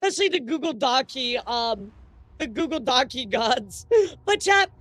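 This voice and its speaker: A woman streaming casual chat as a VTuber news host. She giggles often, talks in an animated way and swears casually. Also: sits high, moderate pace, dry recording.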